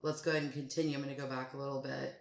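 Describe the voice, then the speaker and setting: A woman's voice: very deep voice, level tone, racing, gravelly, roomy sound. A woman giving blunt, casual reaction commentary on a song, swearing freely and getting heated. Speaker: music reaction host.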